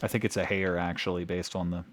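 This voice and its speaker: A man's voice: low-pitched, level tone, fast talker. A man streaming a video game, giving rambling casual commentary and chuckling often.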